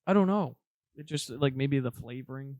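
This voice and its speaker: A man's voice: medium pitch, lively intonation, moderate pace, darkish tone, no room sound. A young man co-hosting a comedy podcast in casual chat, laughing often as he tells stories.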